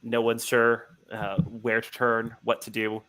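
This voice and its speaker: A man's voice: medium pitch, completely flat delivery, a little slow, a bit bright. A man narrating as game master over a video call, rambling with lots of fillers. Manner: rambling, heavy with fillers like "like" and "you know".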